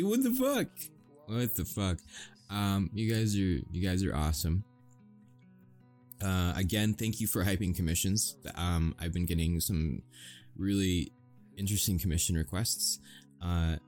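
A man's voice: low voice, fairly even intonation, measured pace, a little mellow, faint music behind. An American man who makes audio roleplays, chatting casually and rambling to his listeners, swearing and chuckling often.

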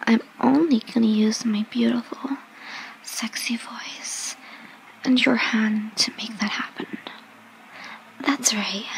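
Woman, whispered role-play: slow, teasing, commanding, with a gravelly edge. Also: on the high side, slight background noise, poor audio.

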